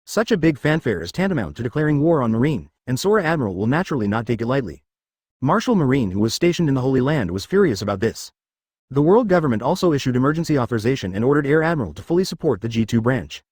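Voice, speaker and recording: Fast synthetic male narrator. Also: medium pitch, husky, dry recording, studio quality. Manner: even, mechanical reading with odd misreadings.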